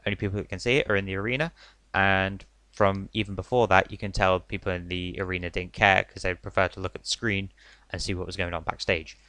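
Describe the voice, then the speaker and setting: A man's voice: deep voice, a bit bright, no echo. A young man reviewing a wrestling event in a casual, rambling way, full of "like" and "literally". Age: young adult. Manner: chatty, filler-heavy, says "like" and "literally" a lot.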